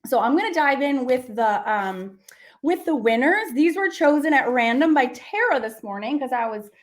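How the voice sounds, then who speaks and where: A woman's voice: high-pitched, animated, moderate pace. A woman art teacher hosting a casual live lesson, bubbly and gushing, chatting with lots of fillers.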